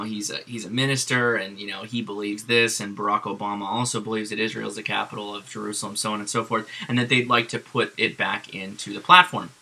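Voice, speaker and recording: A man's voice: on the low side, pushed and bright. A man casually recounting a political news story as a vlogger, amused and chuckling, with many fillers. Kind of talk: casual commentary.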